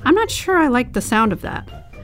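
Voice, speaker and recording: A woman's voice: high-pitched, big pitch swings, normal speed, soft background music, voice pushed up. A woman reading aloud and lightly voicing a brash, cheeky teenage girl in a storybook. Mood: flippant.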